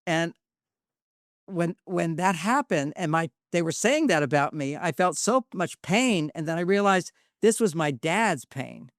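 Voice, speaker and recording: An older man, a guest relationship expert in an interview, shares reflective personal stories in an earnest, confiding way, often circling back to restart a thought. His voice is a little high, clear and resonant, at a moderate pace. The sound is dry and close, with no room echo.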